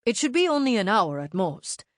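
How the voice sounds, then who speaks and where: A woman's voice: mid-range voice, big pitch swings, normal speed, no echo, studio quality, voice pushed up, natural voice. A woman voicing a friendly, polite male neighbor with a Mexican-style accent in an audiobook, apologetic and in a hurry. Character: friendly male new neighbor, around forty. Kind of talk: audiobook character voice.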